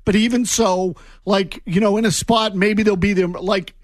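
A man's voice: high voice, steady tone, moderate pace, no room sound. A man co-hosting a sports talk show, chatting casually with many fillers.

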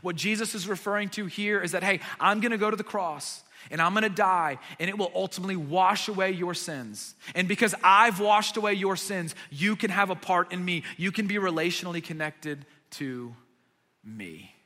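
A man preaching a sermon, retelling a story dramatically and dropping from loud emphasis to near whispers. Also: sits high, moderate pace, big-room sound. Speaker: pastor.

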